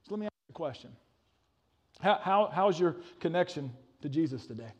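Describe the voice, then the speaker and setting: A male pastor preaching a sermon with passion, swinging from loud declarations to hushed intensity, with frequent stammering restarts. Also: fairly high pitch, expressive, brisk.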